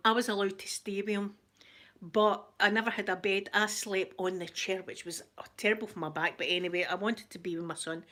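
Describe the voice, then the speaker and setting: A middle-aged Scottish woman, hosting a live chat, telling a story in a chatty, animated way. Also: mid-range voice. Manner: chatty, animated retelling with laughter. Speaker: livestream host.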